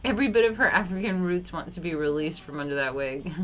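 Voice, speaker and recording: A woman's voice: fairly low pitch, a little hiss or hum. A woman streamer giving casual, joking reaction commentary, swearing freely and laughing often.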